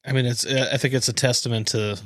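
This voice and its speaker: A man's voice: mid-range voice, steady tone, fairly quick, dry recording, clean studio sound. A man co-hosting a podcast, joking and teasing in casual banter. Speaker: podcast co-host. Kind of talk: casual chat.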